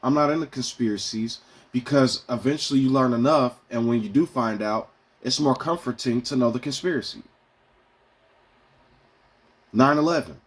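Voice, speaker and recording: A man venting casually to his viewers in a profane, rambling way, swinging between heated outbursts and quieter musings. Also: mid-range voice, fairly quick, husky. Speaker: vlogger. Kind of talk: casual rant to camera.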